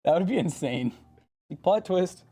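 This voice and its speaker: A man's voice: high voice, animated, a little slow, warm tone. A man in casual chat, joking and planning bits with his co-host.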